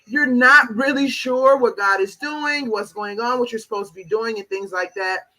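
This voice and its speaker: A woman's voice: on the high side, moderate pace, bright, forceful tone, low-quality recording. A woman hosting a live talk show, affirming her guest and reading out viewer comments. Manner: affirming, lots of "wow" and "exactly". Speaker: host.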